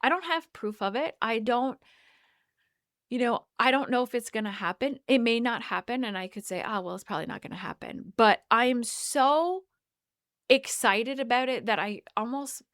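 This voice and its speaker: A woman hosting a solo wellness podcast, talking in an earnest, halting way with many restarts. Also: fairly high pitch, fairly bright tone, no room sound, clean studio sound. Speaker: podcast host. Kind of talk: reflective solo podcast monologue.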